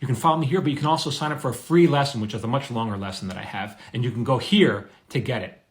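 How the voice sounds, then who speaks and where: A man's voice: mid-range voice, fast talker. A middle-aged man teaching screenwriting in a casual, conversational way, telling stories with quoted dialogue. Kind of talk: conversational advice monologue.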